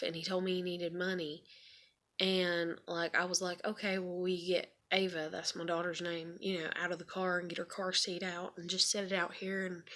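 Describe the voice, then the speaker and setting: A woman's voice: fairly low pitch, a bit bright. Rambling young woman with a drawl. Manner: rambling, lots of fillers and asides, swears freely. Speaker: vlogger. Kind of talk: casual storytelling to camera.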